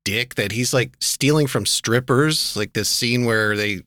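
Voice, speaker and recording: Man, podcast host, casual rambling, wry asides, medium pitch, dry close mic. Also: measured pace, sharp tone, no echo. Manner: rambling, filler-heavy, wry. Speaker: podcast host reviewing TV shows. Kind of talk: casual chat.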